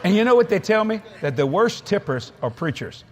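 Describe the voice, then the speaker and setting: A man's voice: high-pitched, fairly quick, a little hiss or hum. A man preaching a sermon at a convention, telling funny stories with laughing asides. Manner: storytelling, laughing, lively asides. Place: convention hall.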